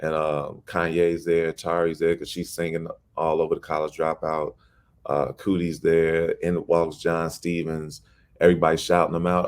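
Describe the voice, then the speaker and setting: A man from Chicago talks through a casual interview with a very low voice. He tells stories animatedly, slipping into the voices of the people he quotes. He sounds middle-aged. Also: level tone, normal speed. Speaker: poet and guest.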